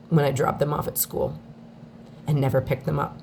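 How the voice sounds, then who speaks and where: Creaky low-voiced woman near tears. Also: little pitch movement, a little mellow, slight background noise. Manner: halting, heartfelt, with long pauses. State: on the verge of tears. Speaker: mother speaking out in a daily video diary. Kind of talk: emotional personal video statement.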